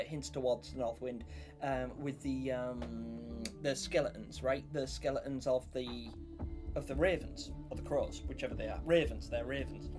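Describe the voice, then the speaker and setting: A man's voice: mid-range voice, a little mellow. A young man hosting a live stream, chatting casually and rambling as he greets viewers by name. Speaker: livestream host. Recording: faint music behind voice.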